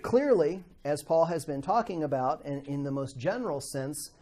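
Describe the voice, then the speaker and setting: A man's voice: fairly high pitch, expressive, moderate pace, warm tone. A middle-aged man teaching a Bible class in a conversational way, asking the class questions and acting out quoted voices.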